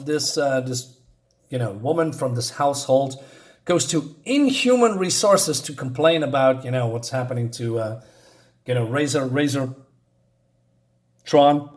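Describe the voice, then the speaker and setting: A man's voice: medium pitch, unhurried, long pauses. A man casually reviewing a comic book on his channel, talking in a loose, hesitant, rambling way as he recaps the story.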